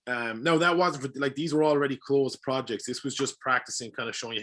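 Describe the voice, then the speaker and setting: Brisk and fairly bright, this young man's mid-range voice belongs to a voice-acting guest on a podcast. He chats casually and eagerly walks through his craft using examples, stumbling over many fillers and restarts.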